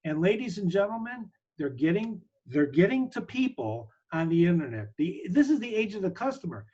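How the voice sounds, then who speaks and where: A man with a high, slightly husky voice, talking as a guest strategist in an interview. He presses his points with emphatic, persuasive, speaker-like insistence. The audio is dull and lo-fi. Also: very animated, moderate pace, dark tone. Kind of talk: interview talk.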